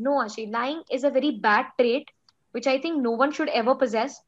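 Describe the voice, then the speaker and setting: A woman's voice: high-pitched, moderate pace, lo-fi sound. A young woman teacher with an Indian English accent, giving an online class in a chatty way, full of "okay" and "like".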